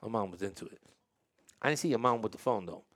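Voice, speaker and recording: A man's voice: on the low side, expressive, quick pace, a bit bright. A man hosting a casual interview with young dancers, talking in a chatty, storytelling way with frequent laughs and restarts.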